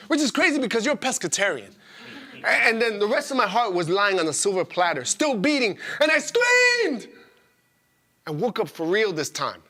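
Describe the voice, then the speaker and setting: A man delivers a theatrical solo monologue in a high, bright voice. He rambles and swears freely, tripping over his own words and restarting them. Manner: rambling, profane, halting with restarts. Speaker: stage performer.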